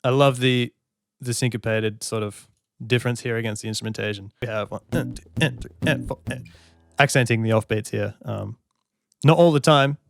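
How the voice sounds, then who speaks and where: A man's voice: medium pitch, normal speed, creaky, dry recording. A man giving music analysis commentary as a songwriter, stopping to sing lines and count beats to show his points. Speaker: songwriter reacting to an album.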